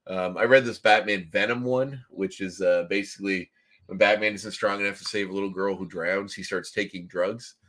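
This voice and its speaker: A man's voice: low voice, fairly even intonation, moderate pace, a bit bright. A Canadian man from Nova Scotia co-hosting a podcast, talking casually with lots of ums and restarts. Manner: rambling, many fillers and restarts. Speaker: podcast co-host. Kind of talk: casual chat.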